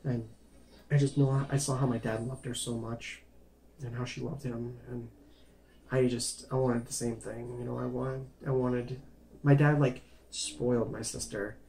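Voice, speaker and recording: A man tells his life story on camera, rambling casually, repeating himself, restarting phrases, and apologizing for straying. He speaks a little slowly in a level, medium-pitched voice with vocal fry and a dark tone; slight background noise is audible.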